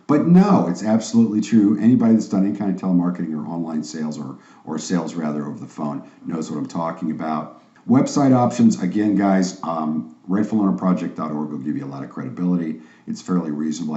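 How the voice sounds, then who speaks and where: A man's voice: low voice, warm tone. A confident, emphatic man teaching a sales training course in a salesy manner. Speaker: online course instructor. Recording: roomy, slightly dull sound.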